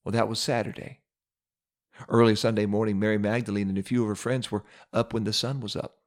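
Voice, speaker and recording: A man's voice: fairly low pitch, flat delivery, fairly quick. A male pastor preaching a sermon, telling a story with rhetorical questions and building repetition.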